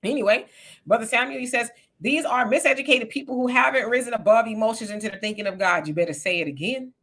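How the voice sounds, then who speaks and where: A woman's voice: fairly high pitch, fast talker, a bit bright. A woman, casually co-hosting a livestream and reading viewer comments aloud with sassy asides.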